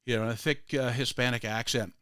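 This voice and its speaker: An older male radio host with a bright, pushing voice chats casually on a morning show. He rambles and restarts his sentences as he tells a story. The mic is close and dry. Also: mid-range voice, steady tone, fast talker, clear, resonant tone, no echo.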